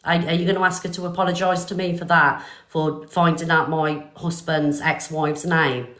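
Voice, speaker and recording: A woman's voice: sits low, steady tone, moderate pace, fairly bright tone, reverberant. An older woman hosting a live stream, talking bluntly and defiantly with swearing. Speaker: livestream host.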